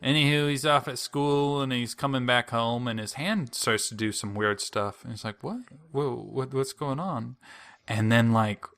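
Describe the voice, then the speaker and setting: Man, podcast host, lively jokey recap, bright tone. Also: mid-range voice, normal speed, hardly any pauses, clear, resonant tone. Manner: animated storyteller, jokey, lots of fillers. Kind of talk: casual chat recapping an anime.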